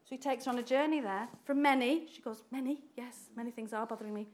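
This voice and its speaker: Lady preaching, high voice, gets really animated, laughs a lot. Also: fast talker. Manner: animated, acts out quoted voices, laughs often. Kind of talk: sermon.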